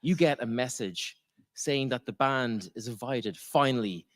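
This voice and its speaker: A man's voice: medium pitch, a little slow. An Irish man acting as dungeon master for a live tabletop game podcast on stage in a convention auditorium, playful and laughing with the crowd.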